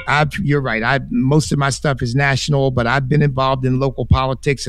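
A man's voice: mid-range voice, fairly bright tone, dry recording. A man answering callers as a guest on a talk radio show, fervent and emphatic, often restarting his sentences. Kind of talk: call-in radio commentary.

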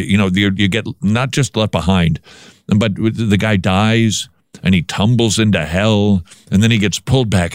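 A man hosting a commentary show who talks in a lively way and often restarts his words. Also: lowish voice, no room sound, studio quality. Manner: animated, repeats words when restarting. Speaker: podcast host. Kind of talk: casual commentary on news.

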